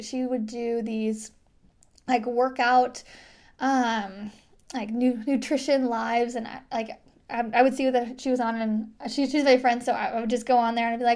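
A woman's voice: a little high, darkish tone. A young adult woman hosting a casual solo podcast, chatty and rambling, with frequent giggles, fillers and restarts, close on a microphone. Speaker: podcast host. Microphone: studio microphone.

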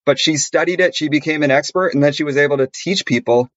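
A man co-hosting a podcast in casual chat, telling stories with lively acted-out dialogue. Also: on the high side, fast talker, dry recording, highs cut off. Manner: animated storyteller, acts out quoted dialogue. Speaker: podcast co-host.

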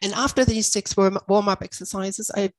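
A woman's voice: mid-range voice, steady tone, moderate pace, dry recording. A woman practitioner explaining her method as an interview guest, reassuring and passionate.

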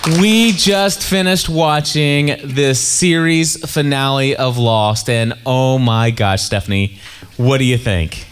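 A man co-hosting a casual podcast, talking in eager bursts that speed up and then slow down. He restarts his sentences as his thoughts race ahead. His pitch sits at an ordinary middle height. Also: a little hiss or hum. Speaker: podcast co-host. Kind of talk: casual chat.

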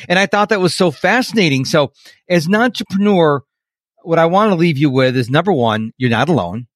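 A man's voice: a little high, lively intonation, fairly quick, no echo, clean studio sound. A man hosting a podcast who speaks earnestly and poses questions to his guest. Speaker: podcast host. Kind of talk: casual conversational interview.

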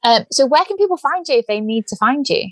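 A woman's voice: high-pitched, lively intonation, fast talker. A British woman hosting a podcast interview, chatty, blunt and teasing with her guest. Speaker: podcast host.

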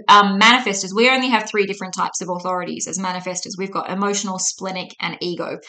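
A woman's voice: mid-range voice, sharp tone. Chatty woman explaining on a podcast. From Australia. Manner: chatty, explanatory, frequent "okay?" check-ins. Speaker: podcast host. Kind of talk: solo podcast teaching.

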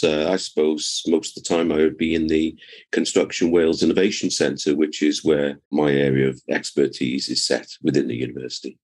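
An older man who works as a professor and building surveyor, giving measured, explanatory interview answers. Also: a bass voice, a little mellow.

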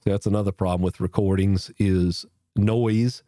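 A man with a low, mellow voice, a podcast host teaching audio gear, explains mic technique to camera at normal speed with fairly even intonation. Folksy and casual, he repeats and restarts as he demonstrates on a foam-covered boom-arm mic near his face. The sound is clean studio audio without echo.

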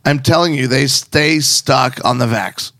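Sarcastic guy, gravelly voice, talking marriage advice, dry close sound. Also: medium pitch, a little slow, no room sound. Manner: sarcastic, animated storytelling. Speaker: podcast co-host. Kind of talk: casual chat, advice for husbands.

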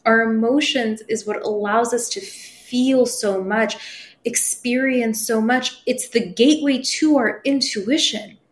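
A woman who works as a spiritual medium, talking as a podcast guest in a casual, expressive way, acting out her own inner dialogue and swearing casually. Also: on the high side, measured pace.

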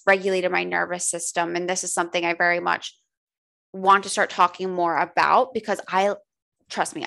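With a lowish, fairly bright voice and vocal fry, a woman holistic coach chats candidly as a podcast guest. Her talk is casual, peppered with swearing and the filler "like."

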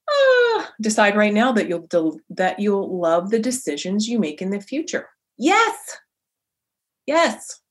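Give me an emphatic woman coach talking straight to her listeners, lively and chatty. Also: mid-range voice. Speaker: podcast host, coach. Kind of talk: motivational podcast monologue.

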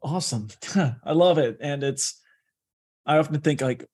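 A man's voice: on the high side, measured pace, darkish tone. A man hosting a podcast interview, reflecting aloud in a loose way, with fillers. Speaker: podcast host.

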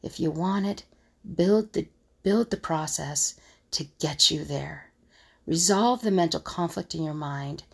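Husky, gravelly woman musing aloud. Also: low voice, measured pace. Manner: musing, acts out others' scoffing remarks. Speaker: conflict resolution coach. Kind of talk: reflective solo monologue.

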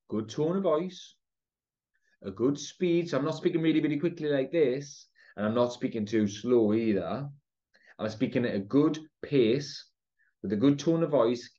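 In a muffled recording, a Geordie podcast host and sales trainer from North East England talks confidently and emphatically about selling. His voice is medium-pitched with a darkish tone, and he keeps checking in with listeners via "right?" and "okay?".

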